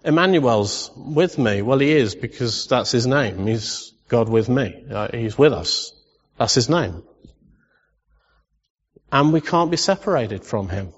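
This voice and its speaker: A man preaching a sermon as pastor, impassioned, rising to loud exclamations and sometimes emotional. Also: medium pitch, expressive, slow, slightly rough. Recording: dull lo-fi sound with long reverb.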